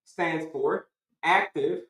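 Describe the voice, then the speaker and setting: A man's voice: on the high side, extremely slow, a bit bright, echoey room. A middle-aged man giving an emphatic, repetitive health coaching talk, asking and answering his own questions to the audience.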